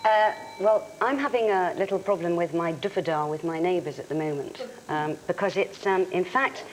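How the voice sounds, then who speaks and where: A man's voice: sits high, moderate pace, slight background noise, poor audio. A man on a TV panel game, rambling and playful as he bluffs a definition.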